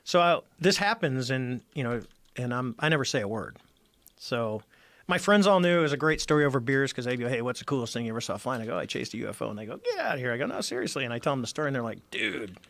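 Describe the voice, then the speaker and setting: A man's voice: medium pitch, fast talker, a bit bright, no echo. A middle-aged man, a former Navy squadron commander, telling a story as a podcast guest and acting out the dialogue as he goes. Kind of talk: casual storytelling interview.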